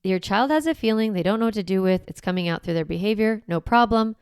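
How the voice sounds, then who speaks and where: A woman's voice: mid-range voice, quick pace, darkish tone, clear, resonant tone, no room sound, clean studio sound. A woman hosting a parenting podcast who explains things in a casual, reassuring way and keeps asking "right?". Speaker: parenting coach and podcast host. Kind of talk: conversational teaching podcast.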